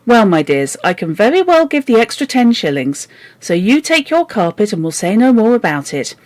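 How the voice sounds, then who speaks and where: A woman's voice: big pitch swings, normal speed, a little mellow, dry recording, natural voice. A woman voicing a cross middle-aged lady who scolds shrilly and later gushes kindly. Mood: sweetly kind. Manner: shrill scolding, then gushing.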